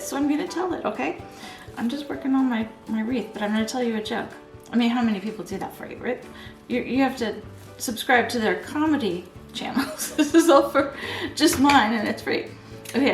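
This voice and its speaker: Chatty woman crafting in an echoey room. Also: on the high side. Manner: chatty, rambling, giggly self-deprecating. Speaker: craft vlogger. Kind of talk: casual chat while crafting. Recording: echoey room, faint background music.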